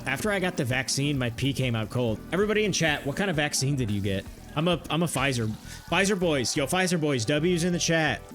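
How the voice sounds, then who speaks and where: A young man streaming a game, riffing jokes to his chat and laughing often. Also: a little high. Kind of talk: casual livestream banter while gaming.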